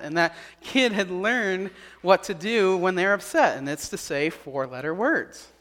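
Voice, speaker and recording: High-voiced pastor in an echoing church. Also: male voice, moderate pace, hardly any pauses, fairly bright tone. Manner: earnest, repeats key points, small restarts. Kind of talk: sermon. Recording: long hall reverb.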